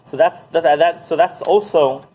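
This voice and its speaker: A man teaching as a rabbi, telling a story in a lively way and often asking "right?" as he goes. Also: a little high, unhurried, a little hiss or hum, low-quality recording. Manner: animated, keeps asking "right?". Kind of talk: Torah class storytelling.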